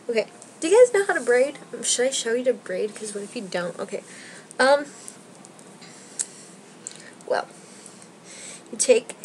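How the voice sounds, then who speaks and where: A woman's voice: on the high side, a little hiss or hum, low-quality recording. A young woman giving a casual hair tutorial at home, rambling and self-deprecating, a little out of breath. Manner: chatty, self-deprecating, rambling with many likes. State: slightly out of breath. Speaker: beauty vlogger.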